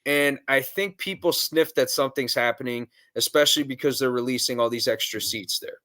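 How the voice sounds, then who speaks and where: A man in a middle pitch range talking wrestling booking on a podcast, casual and blunt. He drops swear words freely and keeps throwing out guesses about surprises. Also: brisk, fairly bright tone, no echo, clean studio sound. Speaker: podcast co-host.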